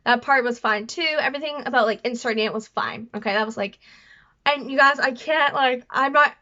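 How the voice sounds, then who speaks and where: A woman chats to camera in a bright, forward voice that sits a little high. She rambles, trips over her words and apologizes as she goes, and the recording sounds somewhat dull and lo-fi. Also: a little fast. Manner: rambling, stutters and restarts. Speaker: vlogger. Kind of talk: casual storytelling to camera.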